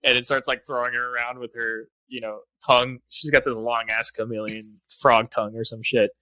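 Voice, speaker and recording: A young man chatting casually as a podcast co-host. His voice is bright and forward with a dry, close sound. He recaps movie scenes animatedly, swearing often and laughing as he goes. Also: medium pitch, a little fast, dry recording. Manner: animated retelling, heavy swearing, frequent laughter. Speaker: podcast co-host, film reviewer. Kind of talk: casual chat.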